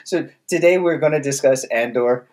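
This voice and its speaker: A man's voice: mid-range voice, moderate pace, a little mellow. A man co-hosting a casual podcast, bantering and teasing his co-host with crude jokes.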